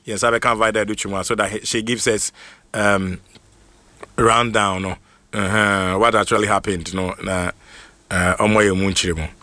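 Animated man giving live shout-outs. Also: lowish voice, normal speed. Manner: animated, switches between Twi and English, laughs often. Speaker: livestream host.

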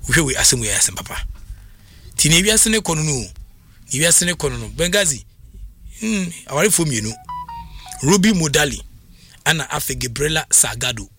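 Bright-voiced man giving excitable commentary. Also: a little high, brisk, pauses often, soft background music. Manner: excitable, emphatic repetitions and restarts. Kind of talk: casual sports news commentary.

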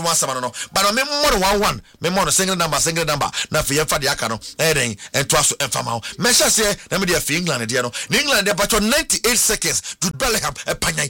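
A man with a Ghanaian accent hosting a radio sports show, talking in an excitable, sing-song way and mixing languages. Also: a little high, fast, hardly any pauses. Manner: switches between Twi and English, sing-song and excitable.

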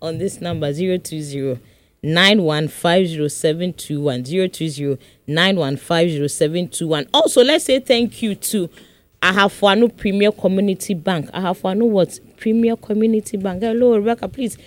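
A woman radio host with a Ghanaian English accent, joking with her co-host and reading sponsor messages in a lively, teasing way. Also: lowish voice. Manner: teasing, jokey, reads numbers and ads briskly. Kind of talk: playful radio chat and sponsor reads. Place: radio studio.

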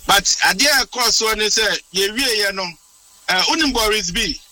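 A man telling a story as a radio guest, chatty and animated. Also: sits high, moderate pace, no room sound, recorded from a distance, low-quality recording. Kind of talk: casual storytelling.

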